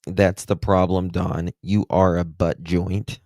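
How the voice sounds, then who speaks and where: A male live-stream host with a very deep voice talks slowly and sarcastically, teasing the man in the recording. His voice is close and dry. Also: little pitch movement, darkish tone, no room sound. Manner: sarcastic, taunting. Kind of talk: mocking live commentary.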